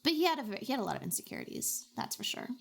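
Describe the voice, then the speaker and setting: A woman streamer chatting casually with her chat while drawing, with dramatic, expressive reactions. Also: on the high side, very fast, creaky.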